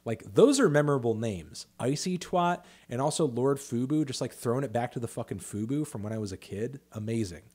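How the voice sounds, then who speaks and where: A young man fields viewer questions on a casual livestream, talking off the cuff. He rambles through fillers and restarts, swears often, and jumps into excited bursts before trailing off into low mumbles. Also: a little fast, few pauses, husky. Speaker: music reviewer answering viewer questions.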